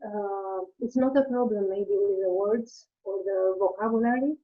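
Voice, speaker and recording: A woman from Romania, speaking English with a Romanian accent at a mid pitch. She pauses to find her words, and her voice comes through dull, lo-fi video call audio. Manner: hesitant, searching for words. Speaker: panelist. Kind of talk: casual panel discussion.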